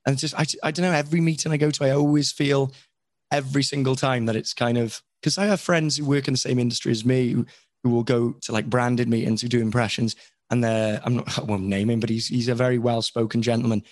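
A man's voice: medium pitch, steady tone, fast, darkish tone, no room sound. Frank Welsh man, dry close sound. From Wales. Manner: frank, rambling and self-critical. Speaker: voice actor guest. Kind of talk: candid conversational chat.

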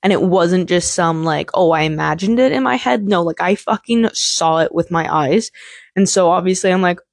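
A woman's voice: on the low side, moderate pace, vocal fry, no room sound. A young woman hosting a podcast, telling a candid, rambling personal story full of swearing and filler words. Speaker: podcast host.

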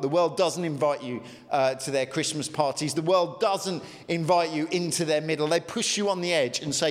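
A man preaching a sermon, emphatic, swinging between raised intensity and quiet reflection. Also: a little high, normal speed, few pauses. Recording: long hall reverb.

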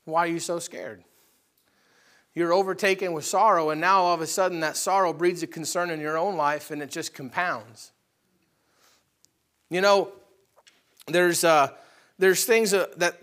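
High, bright-voiced man preaching. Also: normal speed, pauses often. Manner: animated, swings between loud outbursts and quiet asides; conversational preaching, addresses the congregation directly. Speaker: pastor. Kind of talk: sermon.

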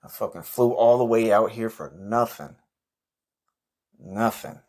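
Man, very low voice, brash, profane, slangy, improvised comedy podcast monologue. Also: a little slow, a little mellow. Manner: brash, profane and slangy, arguing with an unheard partner. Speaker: comedy podcast host in character.

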